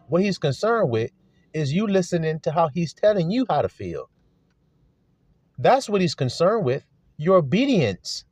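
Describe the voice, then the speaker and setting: A man's voice: a little high, darkish tone, no room sound. A man preaching a sermon to his flock, asking pointed rhetorical questions in an earnest manner. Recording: dull lo-fi recording.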